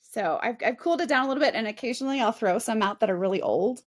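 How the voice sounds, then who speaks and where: Chatty self-deprecating woman, fairly high voice. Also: racing. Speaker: real estate agent, guest. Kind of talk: casual interview chat.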